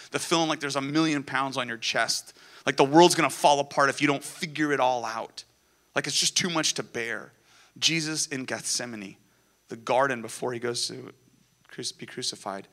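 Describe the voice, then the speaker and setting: A man's voice: medium pitch, pushed and bright. A male pastor giving an Easter sermon to a congregation. He talks conversationally, asks the room questions, uses dry sarcastic humor, and grows emotional and urgent in personal stories. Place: church before a congregation.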